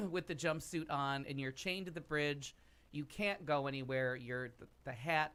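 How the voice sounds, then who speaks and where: A man whose voice is a little high, a bit bright, clear, and resonant is chatting casually. A podcast cast member on a talk show, he tells a long, wandering travel story filled with asides.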